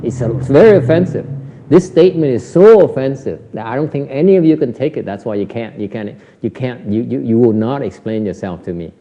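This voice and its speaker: A man's voice: medium pitch, expressive, fairly quick, mellow. A man, a Buddhist teacher, giving a Dharma lecture in a temple hall, teasing and questioning his audience with lots of repetition. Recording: dull audio with hall reverb.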